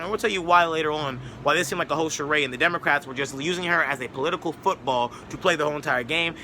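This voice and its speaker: A man's voice: on the high side, very fast, hardly any pauses, pushed and bright, slight background noise. A man giving a rambling, sarcastic opinion monologue as a political commentator, mocking others with put-on voices.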